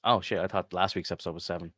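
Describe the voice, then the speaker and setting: Rambling, sweary man with a low voice. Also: fairly even intonation, racing, a bit bright, no room sound, clean studio sound. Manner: sweary, rambling, laughs often, many "like"s. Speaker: podcast co-host. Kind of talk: casual chat.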